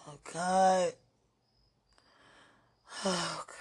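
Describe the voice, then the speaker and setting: A woman giving an emotional, prayerful spiritual monologue on a podcast, repeating phrases and often dropping to hushed murmurs. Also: on the low side, little pitch movement, measured pace, pauses often, husky. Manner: repeats phrases, many fillers.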